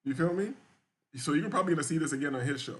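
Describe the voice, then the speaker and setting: A man streaming a reaction to a dating clip, mocking it loudly in crude, profane commentary. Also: fairly high pitch, rapid-fire. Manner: loud, mocking, profane, mimics voices.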